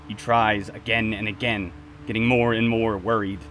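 A man narrating a tabletop game as game master, in a measured, dramatic way. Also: lowish voice, level tone, fairly bright tone, a little hiss or hum. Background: music.

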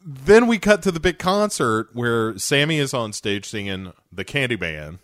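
Animated man retelling an episode. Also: medium pitch, normal speed, no echo. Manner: animated storyteller, acting out quotes. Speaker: podcast co-host. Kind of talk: casual chat recapping a TV episode.

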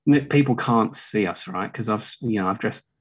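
A man's voice: fairly low pitch, normal speed, slightly rough. A man with a London accent co-hosting a beer podcast, joking in casual crude banter. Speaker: podcast co-host. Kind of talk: casual chat.

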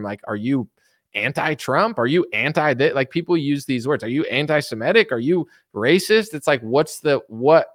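A man's voice: mid-range voice, fairly bright tone, no room sound, clean studio sound. A man giving a casual opinion monologue, rambling with constant fillers. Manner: rambling, heavy use of filler "like". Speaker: political commentator.

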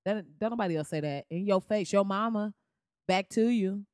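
Young woman podcast host, loose comedic rant, slangy and animated, dry close mic. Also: medium pitch, moderate pace, dry recording. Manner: animated, slangy, beatboxes and riffs.

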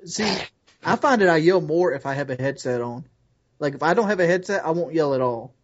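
A man's voice: fairly high pitch, animated, brisk, muffled recording. A man co-hosting a casual podcast chat, blunt and joking about his own temper. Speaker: podcast co-host.

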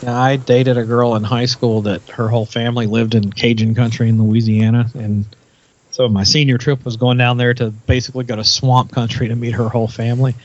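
A man's voice: mid-range voice, little pitch movement, fairly quick, highs cut off. A man from Nashville with no regional accent, chatting casually as a podcast guest, rambling and laughing as he goes. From Nashville, Tennessee. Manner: rambling, laughs often, restarts sentences. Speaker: podcast guest, event founder.

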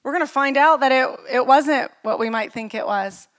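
A woman's voice: high-pitched, normal speed, a bit bright. Earnest middle-aged woman pastor preaching. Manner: earnest, personal storytelling with rhetorical questions. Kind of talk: sermon.

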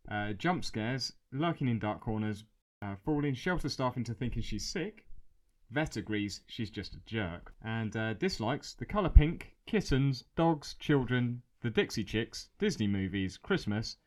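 A man on a comedy podcast reading out a news story in a plain, steady way. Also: medium pitch, a little slow. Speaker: podcast panellist. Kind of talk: casual banter.

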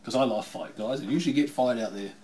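A man's voice: mid-range voice, fast, darkish tone, a little hiss or hum. A man co-hosting a casual watch-along podcast, chatty and teasing, laughing often as he talks. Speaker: podcast co-host.

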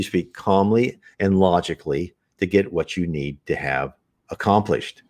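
Deep-voiced man giving a rambling spiritual talk. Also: a little slow, darkish tone. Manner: earnest, rambling with restarts and asides.

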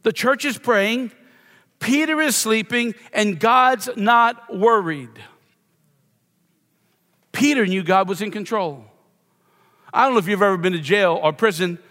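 Middle-aged male pastor from Louisiana, high-pitched, wry self-mocking sermon storyteller, long reverb of a church hall. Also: measured pace, pauses often, bright, forceful tone. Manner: self-deprecating storyteller, playful asides. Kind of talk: sermon with humorous personal story.

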